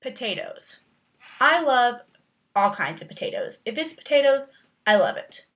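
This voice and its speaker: A woman's voice: fairly high pitch, animated, measured pace, a bit bright. A young woman vlogging casually, rambling through tag questions with lots of fillers and playful, exaggerated emphasis.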